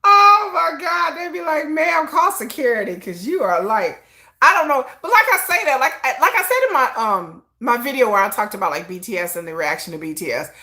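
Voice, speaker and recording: Animated, bright-voiced woman livestream host. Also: a little high, a little fast. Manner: animated storytelling, acts out quotes, laughs often; self-described shy introvert. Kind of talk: casual chat.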